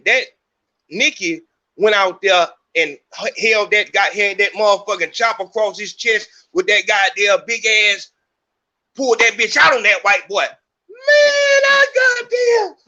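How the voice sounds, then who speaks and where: A man's voice: high voice, bright, forceful tone, lo-fi sound. A middle-aged man hosting a podcast, talking in a heated, profane, rambling monologue. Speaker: podcast host. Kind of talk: unscripted monologue.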